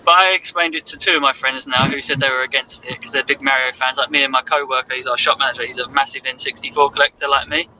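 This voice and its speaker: A man's voice: medium pitch, fairly even intonation, bright, forceful tone. A man sending a chatty voice message to a podcast from outside. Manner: fast, chatty. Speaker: caller. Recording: distant outdoor phone recording with street noise.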